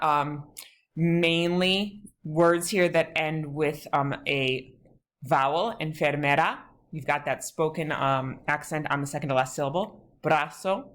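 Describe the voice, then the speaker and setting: A woman teaching a Spanish lesson, explaining step by step with frequent pauses and fillers, mixing English and Spanish words. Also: low-pitched. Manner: patient, explains step by step with many ums. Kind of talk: recorded online lesson.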